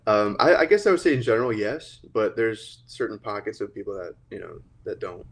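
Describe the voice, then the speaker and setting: A man's voice: lowish voice, a little fast, a crowd in the background. An American man chatting as a guest, hesitant and filler-heavy, speaking from his home recording space. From United States. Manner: hesitant, lots of ums and likes. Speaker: guest, cartoon creator. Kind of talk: casual chat.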